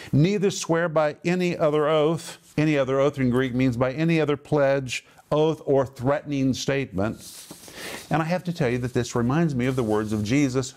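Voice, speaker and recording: A middle-aged man teaching the Bible on television. He hammers his points home by repeating short phrases. He draws out the key words slowly. His pitch sits in an ordinary middle range for a man. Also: a little mellow.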